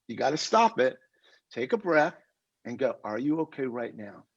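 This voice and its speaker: A man telling a personal story in a spiritual talk, animated and laughing as he retells it, speaking on a video call. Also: medium pitch, gravelly, dry recording. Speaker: guest speaker. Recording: dull lo-fi call audio.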